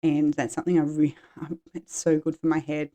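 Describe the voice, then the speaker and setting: Low, mellow-voiced woman in her forties. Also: flat delivery, moderate pace. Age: 40s. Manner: frank, rambling, drops swear words. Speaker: podcast host. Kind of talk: candid personal chat.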